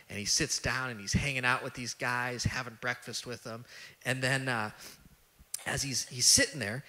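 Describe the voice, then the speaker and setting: A male pastor delivers a conversational sermon in a bright, forceful voice. He retells the story casually, with fillers and asides, then acts out the disciples' words as his intensity climbs. His voice rings through a large hall with a long reverb tail. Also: mid-range voice, fairly even intonation, normal speed.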